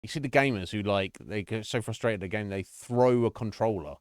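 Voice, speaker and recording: A man's voice: lowish voice, a little fast, no echo. A man streaming a horror game, chatting casually, rambling and swearing often as he laughs at himself. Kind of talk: casual live gameplay chat.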